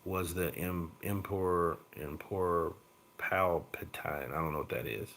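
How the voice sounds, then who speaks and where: Profane, animated boxing show host, man. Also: slow pace, creaky, slight background noise. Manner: profane, animated, jumps from loud outbursts to low mutters. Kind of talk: casual live-chat commentary.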